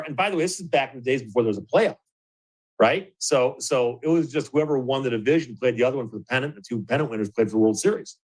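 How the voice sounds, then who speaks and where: A middle-aged man from Michigan, hosting a show and telling a story in a casual, animated way, chuckling now and then and restarting his sentences. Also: mid-range voice, rough recording. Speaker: host.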